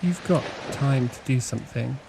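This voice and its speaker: A man narrating as game master of a tabletop horror game, in a measured, hesitant way. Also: medium pitch, creaky, background noise.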